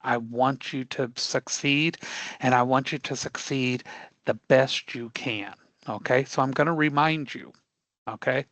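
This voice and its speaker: A man's voice: mid-range voice, a little slow, a bit bright, dry recording. Panamanian man teaching with a Spanish accent. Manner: repetitive, checks in with frequent "okay?". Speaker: instructor. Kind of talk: live online class instruction.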